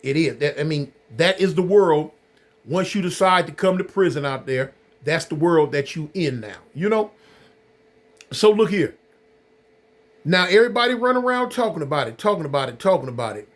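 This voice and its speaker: A man's voice: fairly high pitch, animated, moderate pace. A man casually telling his viewers a story in a rambling way. He uses loose slang and repeats his phrases. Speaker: channel host recounting prison life.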